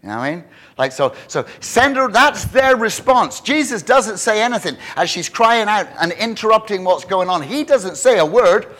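A man preaching a sermon, animated and emphatic, with frequent restarts. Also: high voice, normal speed. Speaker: pastor.

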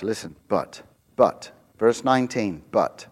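A man preaching a sermon, swinging between quiet asides and loud, high, emphatic peaks. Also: normal speed, in a large hall. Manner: animated, rising to emphatic high-pitched peaks. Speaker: pastor.

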